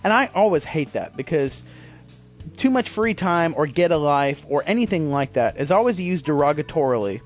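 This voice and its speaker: A man's voice: a little high, big pitch swings, normal speed, soft background music. A man hosting his podcast in a rambling, self-deprecating casual monologue, swearing freely. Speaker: podcast host.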